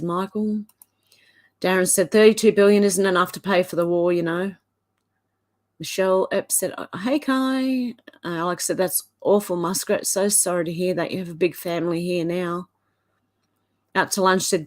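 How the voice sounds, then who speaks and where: A woman with an Australian accent, hosting a livestream and reading viewers' comments aloud, with short reactions in between. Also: on the low side. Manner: reads each comment, then reacts briefly. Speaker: livestream host.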